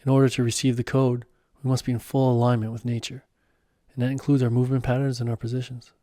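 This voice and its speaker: A man voicing a calm, wise male mentor who speaks in a serene, unhurried way and teases gently. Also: medium pitch, dry recording, studio quality, close to an everyday voice. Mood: explaining.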